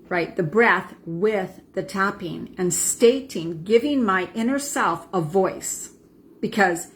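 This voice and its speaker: A middle-aged woman teaching a calming technique, speaking earnestly and checking in with the viewer with frequent "right?" and "okay?". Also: medium pitch, slight background noise. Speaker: wellness coach. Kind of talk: instructional talk with demonstration.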